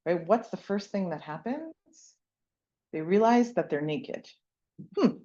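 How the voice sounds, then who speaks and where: A woman and mother of young kids teaching a lively Torah class, often asking "right?" and acting out the lines she quotes. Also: lowish voice, unhurried, highs cut off. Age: adult parent with young kids. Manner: animated, keeps asking "right?", acts out quotes. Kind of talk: lively Bible class lecture.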